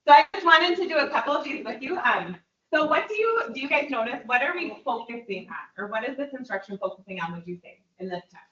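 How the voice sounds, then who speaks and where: A woman presenting at a training workshop, leading a quick call-and-response drill with her listeners. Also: high-pitched, expressive, fairly bright tone. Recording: echoey room, distant dull mic.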